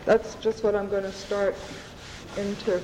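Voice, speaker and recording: A woman author reading aloud from her novel to an audience, in an unhurried, measured way, recorded at an event. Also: medium pitch, level tone, background noise. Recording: dull audio in a reverberant hall.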